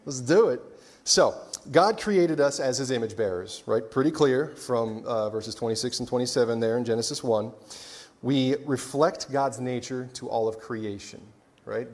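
A man's voice: mid-range voice, darkish tone. A man preaching a casual sermon in a conversational way. He keeps checking in with "right?" and adds joking asides. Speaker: pastor.

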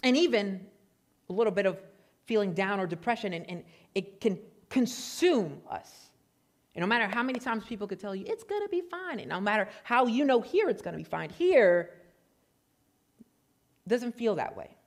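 A man from Puerto Rico preaching a sermon, excitable and prone to getting loud, telling stories with self-deprecating humor. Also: high voice, brisk. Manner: excitable, gets loud when animated. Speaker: pastor.

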